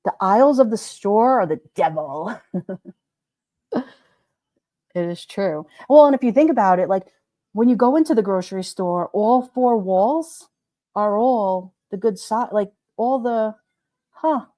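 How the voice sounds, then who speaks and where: A woman's voice: mid-range voice, a little slow, pauses often, no room sound. A chatty woman hosts a casual livestream and talks back to viewer comments. She laughs easily and fills her talk with "like" and "you know." Her voice sits mid-range and is recorded dry and close. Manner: chatty and animated, laughs often, many "like"s. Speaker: livestream host. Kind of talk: casual chat reading live comments.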